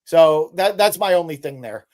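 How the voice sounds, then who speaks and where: A man's voice: fairly high pitch, lively intonation, normal speed. A man co-hosting a casual live stream, reading viewer comments aloud and answering them with joking swears. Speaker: podcast co-host reading live chat.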